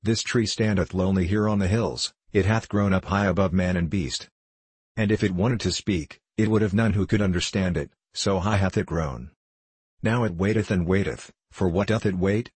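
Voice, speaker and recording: A man's voice: sits low, darkish tone, husky, no echo. A man reading as a grave, solemn prophet. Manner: measured, unhurried reading of archaic speech. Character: solemn wise male prophet, calm and grave.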